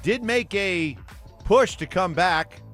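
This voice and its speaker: A man's voice: high-pitched, slow, faint music behind. A man hosting a morning sports radio show, reading game results and chatting with co-hosts. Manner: animated, reads sports news updates. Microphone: studio microphone.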